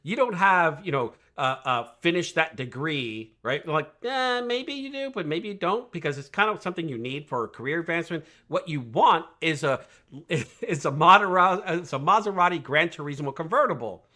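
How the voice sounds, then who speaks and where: A man talking as a guest coach on a podcast, energetic and emphatic, asking rhetorical questions and often tagging "right?" onto his points. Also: fairly high pitch, moderate pace. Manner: rhetorical questions, animated storytelling. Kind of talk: podcast conversation.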